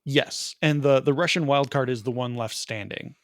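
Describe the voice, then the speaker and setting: A man co-hosting a podcast, rambling through a movie plot with quick asides and laughs. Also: medium pitch, dry recording, studio quality. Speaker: podcast co-host. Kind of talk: casual movie review chat.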